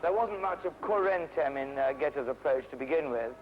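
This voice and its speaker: A man with a rather high voice runs an outdoor play rehearsal, briskly stopping his actors to fix pronunciation and staging. The sound is a dull old archive tape with a faint hiss underneath. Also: lively intonation. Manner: brisk, instructive, stops and corrects actors. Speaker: drama teacher directing a rehearsal. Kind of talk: rehearsal direction. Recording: dull, faintly noisy 1970s archive recording.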